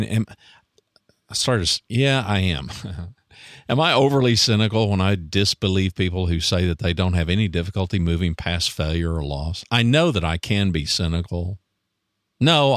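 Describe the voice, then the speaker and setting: Podcast host, man, very low voice, dry close sound, musing and self-deprecating. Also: no room sound. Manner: rambling, self-deprecating, frequent restarts and chuckles. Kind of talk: casual reflective monologue.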